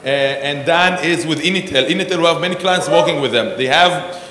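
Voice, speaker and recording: Speaking a little fast in a fairly high, pushed and bright voice, this conference host rambles through a panel introduction on stage, full of fillers and restarts. The recording has a little hiss or hum and the long reverb of a large, echoey hall.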